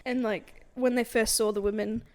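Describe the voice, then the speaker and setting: A woman's voice: a little high, fairly even intonation, moderate pace. A young woman co-hosting a book podcast, recapping a novel in casual chat with lots of fillers and frequent laughs. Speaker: podcast co-host.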